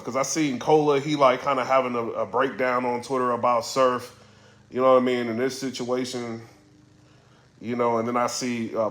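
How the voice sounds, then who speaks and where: A man tells stories about the battle rap scene in a casual commentary vlog, speaking in a slangy, animated way. His voice sits at medium pitch, and the sound is roomy.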